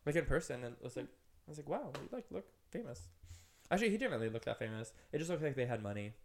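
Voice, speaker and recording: Fast-talking rambling young man. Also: medium pitch, expressive, darkish tone, slight background noise. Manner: rambling storyteller, heavy use of "like". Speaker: podcast co-host. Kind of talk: casual chat.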